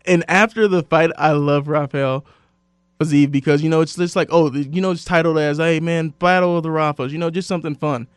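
A man hosting a casual sports podcast, telling stories and quoting others in lively voices. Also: on the high side, fairly quick, dry recording, clean studio sound. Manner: animated storyteller, quotes others in voices. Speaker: sports radio host.

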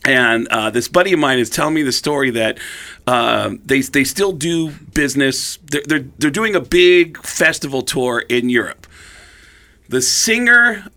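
A man telling a comic anecdote in an animated way, restarting his sentences often. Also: mid-range voice, unhurried. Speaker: storyteller guest.

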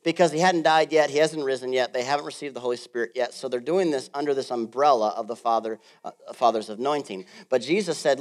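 Male pastor, mid-range voice, preaching casually with big swings from loud to hushed. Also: mid-range voice, quick pace, hardly any pauses. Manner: animated, swings between loud and soft; conversational, jokey preaching. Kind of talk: sermon.

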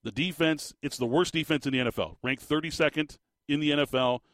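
A man hosting a casual sports talk show, rambling and animated with lots of restarts. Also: on the high side, a little fast, no room sound. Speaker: sports podcast host.

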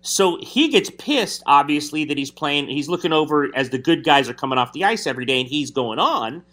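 A man, a hockey reporter, telling an animated story in casual chat. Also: a little high, brisk.

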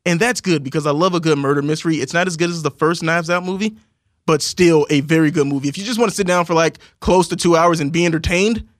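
A man's voice: fairly high pitch, steady tone, fast, no room sound, studio quality. Chatty Southern man reviewing movies. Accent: Southern American. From American South. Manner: chatty, laughing, acts out scenes in voices. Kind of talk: casual chat.

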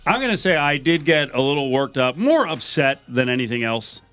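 A man hosting a radio show, chatting in a lively, excitable way. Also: medium pitch, fairly quick, clean tone, soft background music. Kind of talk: casual chat.

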